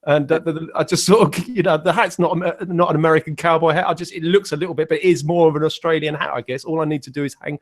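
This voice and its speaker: A man's voice: a little high, steady tone, racing, few pauses. An Englishman chatting on a video call as a guest musician, rambling and self-deprecating, with many restarts. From England. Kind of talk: casual online panel chat.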